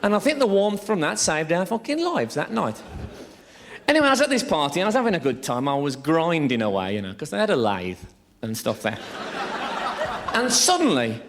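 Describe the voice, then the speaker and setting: A man tells a stand-up story on a theatre stage. His pitch jumps about a lot and his voice has a gravelly edge. The room around him is a live theatre, and there is crowd laughter behind him. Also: fairly quick. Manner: lively, rambling, swearing storyteller. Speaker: stand-up comedian. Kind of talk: stand-up comedy set.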